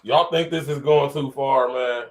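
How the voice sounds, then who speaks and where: Speaking in a mid-range voice at an unhurried pace, this man keeps a steady tone as he hosts his podcast. He has a Columbus, Ohio accent and gives relaxed, casual commentary to his live viewers, laughing frequently along the way.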